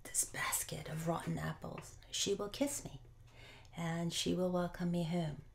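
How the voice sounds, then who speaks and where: A woman's voice: lowish voice, steady tone, unhurried, creaky. A woman preacher voicing a good-natured peasant farmer husband, talking earnestly and a little pleased with himself. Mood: confident.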